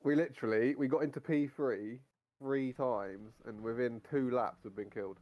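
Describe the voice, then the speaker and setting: A man's voice: medium pitch, moderate pace, muffled recording. A man chatting as a sim racing teammate, rambling and blunt, swearing freely. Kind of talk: casual chat.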